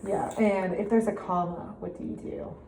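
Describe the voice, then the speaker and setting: A woman's voice: medium pitch, steady tone, normal speed, dark tone. A young woman teaching a reading lesson, upbeat and encouraging with her students. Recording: echoey room with clear background noise.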